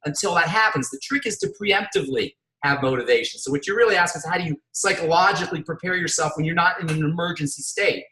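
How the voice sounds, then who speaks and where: Fast, bright male guest in echoey room. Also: fairly high pitch. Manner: joke-telling, lively storyteller. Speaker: pharmacist guest. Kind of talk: casual interview chat.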